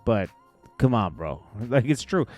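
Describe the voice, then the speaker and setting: A man's voice: medium pitch, very animated, measured pace, darkish tone, no room sound, soft background music. A man hosting a casual celebrity news commentary, rambling with chuckling asides. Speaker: host.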